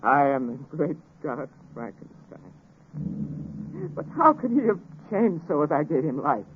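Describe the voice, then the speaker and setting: A man playing an obsessed, grandiose young scientist in a 1930s radio drama, with theatrical swings from hushed to exultant delivery. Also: on the high side, very animated, a little slow. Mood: shaken. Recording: tinny old radio recording with hiss.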